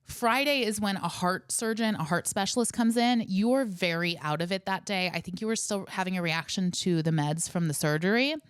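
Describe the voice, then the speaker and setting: A woman on a podcast tells a long story in an earnest, step-by-step way. Her pitch sits in the middle, and the recording is dry and close with no room sound. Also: brisk, few pauses, smooth, no echo. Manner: earnest, recounting events step by step. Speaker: podcast co-host. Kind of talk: casual storytelling chat.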